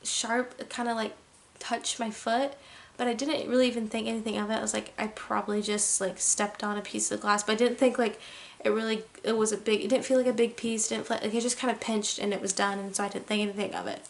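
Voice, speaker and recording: A young woman with a slightly high voice recounts a story for her vlog. She talks casually and animatedly, peppering every sentence with "like" and leaning into the drama. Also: level tone, fairly quick, gravelly. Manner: chatty, heavy use of "like". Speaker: vlogger.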